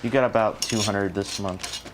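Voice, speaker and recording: A man's voice: fairly low pitch, fairly even intonation, normal speed, background noise. A man casually chatting and teasing a friend while helping build a computer. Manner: teasing, dry remarks.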